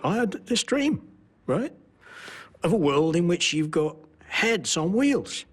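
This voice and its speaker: A man in an interview, talking about a show he created in an animated, earnest way. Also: sits high, slow, breathy edge, faint music behind.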